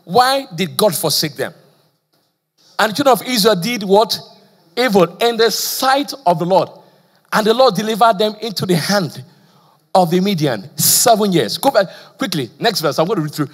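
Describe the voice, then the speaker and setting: A man's voice: high-pitched, animated, normal speed, husky. A male pastor from Nigeria preaching a sermon with call-and-response questions, a slight stammer and frequent "praise the Lord.". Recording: long church hall reverb.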